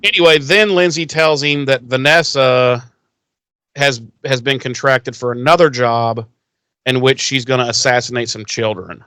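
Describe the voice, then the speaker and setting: A man's voice: medium pitch, moderate pace, pushed and bright, clean tone, no echo. A man co-hosting a podcast, casually recapping an episode, laughing and swearing as he acts out the lines. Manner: laughing, profane, retells scenes in quoted voices. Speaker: podcast co-host.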